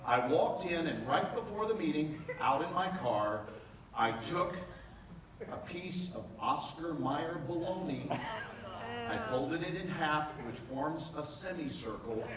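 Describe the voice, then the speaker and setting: A man in his sixties giving a live motivational talk, telling comic stories in a playful, animated way with bursts of emphasis. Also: on the high side, a little slow. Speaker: motivational speaker. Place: large event hall before a live audience. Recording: echoey hall, from far off, with noise.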